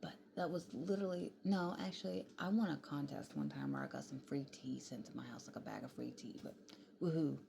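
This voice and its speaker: A young woman with a low, gravelly voice and a drawl talks into her phone in the small hours. She is worn out and yawning, rambling and cussing casually, often dropping to a hush. A faint household hiss sits under her mellow, dark tone. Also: brisk. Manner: rambling, tired, swears freely, drifts into whispers. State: tired and yawning. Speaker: vlogger. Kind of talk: late-night casual vlog talk. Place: home kitchen at night.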